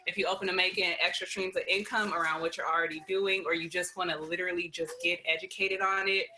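A woman's voice: fairly low pitch, steady tone, quick pace, sharp tone, poor audio. A woman guest on a podcast, talking passionately and urging listeners like a preacher. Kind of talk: casual podcast chat.

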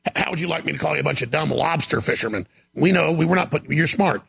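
A man hosting a talk show, delivering an emphatic, ranting monologue with a gravelly voice. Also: on the high side, fast talker. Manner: gravelly, shouting, emphatic rants.

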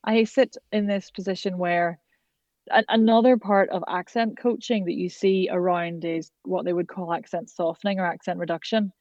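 A woman's voice: fairly low pitch, steady tone, a little mellow, dry recording, muffled recording. An Irish woman working as a voice and accent coach, chatting enthusiastically in an interview. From Ireland. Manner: chatty, enthusiastic, quick asides. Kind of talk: casual interview chat.

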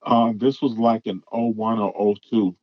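A man telling a long story in a casual, halting way, full of ums and restarts. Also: fairly low pitch, fairly even intonation, no room sound. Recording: dull lo-fi recording.

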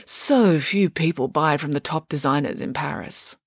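A woman's voice: sits low, normal speed, breathy edge, dry recording, studio quality. A woman voicing a grand, self-assured female pig nanny with pompous, theatrical declaiming. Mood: haughty.

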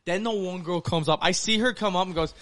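A man's voice: sits high, brisk, a bit bright, dry recording. A man co-hosting a casual podcast, telling profane stories with a lot of swearing and laughing at his own jokes. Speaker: podcast co-host. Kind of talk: crude casual chat.

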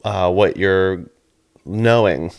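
A man's voice: deep voice, extremely slow, vocal fry. A man co-hosting a comedy podcast, chatting casually, rambling and laughing often as he acts out what people say. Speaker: podcast co-host. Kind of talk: casual chat.

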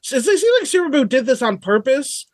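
A man co-hosting a podcast, explaining his thoughts in a relaxed, rambling way full of "like". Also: very high-pitched, a little fast. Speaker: podcast co-host. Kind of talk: casual chat.

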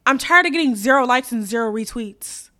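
Young woman podcast host, kinda high voice, sassy and blunt, cussing a lot, goes loud then quiet. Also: fairly quick. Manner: blunt, profane, sassy ranting; animated, swings loud and quiet. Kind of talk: casual chat.

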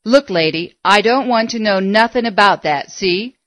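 A woman voicing a gruff, curt young male game warden. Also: medium pitch, moderate pace, fairly bright tone, dry recording, lightly acted.

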